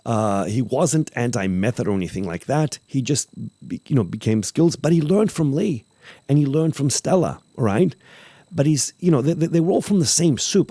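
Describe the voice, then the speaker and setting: A man hosting a podcast, talking casually about acting craft, animated and repeating phrases for emphasis while acting out example lines. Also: mid-range voice, breathy edge, no room sound. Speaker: podcast host, acting teacher.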